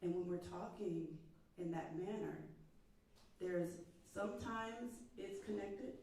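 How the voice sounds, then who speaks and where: A vocal coach leads a masterclass, encouraging a singer, talking over the singing, and now and then singing phrases herself to demonstrate. Her medium-pitched voice is warm, steady and slow. The hall is echoey with the mic far away, and there's a little hiss or hum.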